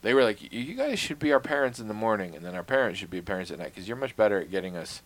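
A man with a fairly low voice chats casually, telling stories in a wry, self-deprecating way. He swears freely and drops to a mutter on his asides. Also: very animated, rapid-fire, a bit bright. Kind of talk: casual storytelling chat.

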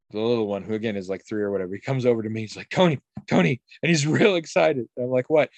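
A middle-aged man in casual conversation, telling rambling stories with frequent restarts and animated quoted voices. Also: mid-range voice, dry recording. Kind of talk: casual chat.

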